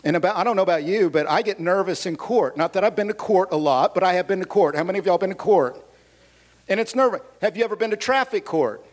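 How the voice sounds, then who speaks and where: High-voiced pastor telling a funny story. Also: male voice, lively intonation, fast talker. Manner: storytelling, humorous asides, audience questions. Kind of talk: sermon with personal story.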